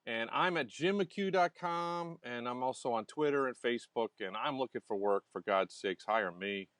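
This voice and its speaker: A man's voice: mid-range voice, moderate pace, a bit bright, no room sound. A man hosting a comedy radio show, chatting casually with a joking, self-deprecating manner. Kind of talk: casual interview chat. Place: radio studio.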